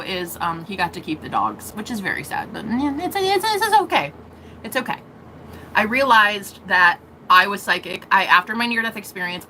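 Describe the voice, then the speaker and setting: Animated, profane young woman telling a story. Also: mid-range voice, a little hiss or hum, poor audio. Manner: animated, profane, laughing often. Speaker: vlogger. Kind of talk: casual storytelling to camera.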